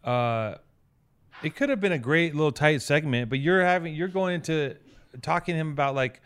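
A man's voice: fairly high pitch, moderate pace, fairly bright tone, clear, resonant tone. A man co-hosting a podcast, teasing his partner with an exasperated, profane edge in casual banter. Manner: teasing, exasperated, swears freely. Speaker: podcast co-host.

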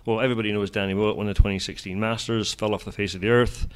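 Guy in his 50s, lowish voice, dry joking way of telling stories. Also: steady tone, rapid-fire, clear, resonant tone. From Scotland. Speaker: golf journalist guest. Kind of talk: casual interview chat.

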